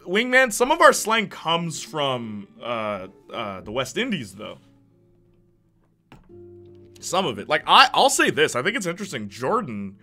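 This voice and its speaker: A man's voice: a little high, wildly swooping pitch, measured pace, pushed and bright, soft background music. A man streaming live, chatting casually and reading his chat aloud with sarcastic, joking banter.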